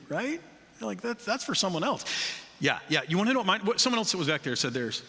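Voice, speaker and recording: A man's voice: on the high side, sing-song, fast talker, pushed and bright. A man preaching a sermon as pastor, talking conversationally and bantering with the congregation. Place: church sanctuary. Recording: reverberant church hall.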